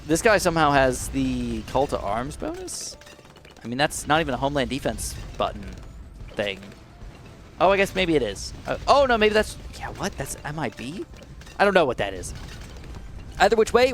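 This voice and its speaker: A young man commentating his gameplay, swinging between low mutters and high, alarmed shouts. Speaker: gaming commentator.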